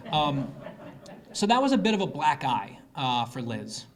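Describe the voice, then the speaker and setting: A man's voice: a little high, very animated, a little slow. A man giving a political speech to a live audience, telling a story with sarcasm and mocking quoted voices. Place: conference hall.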